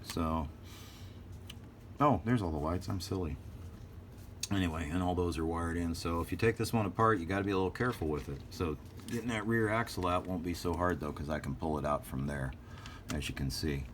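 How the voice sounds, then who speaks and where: A man's voice: low-pitched, fairly quick, a little hiss or hum. A man hosting a casual hobby vlog about slot cars, talking in a joking, rambling, self-deprecating way. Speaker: host of a slot car channel.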